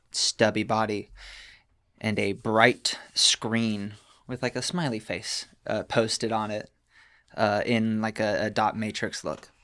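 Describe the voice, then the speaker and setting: A man narrating a tabletop game as game master, in a relaxed, descriptive way with fillers. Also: fairly low pitch.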